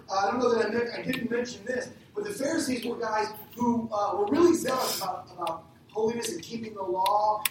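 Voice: mid-range voice, far from the mic. A pastor preaching a conversational sermon, asking the congregation questions as he goes. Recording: echoey hall, speaker away from mic, faint noise.

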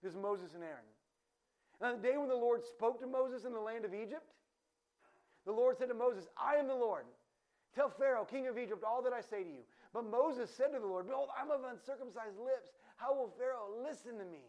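A man preaching a sermon in a conversational, animated way, full of asides and quick questions to the listeners. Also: extremely high pitch. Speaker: pastor. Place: church.

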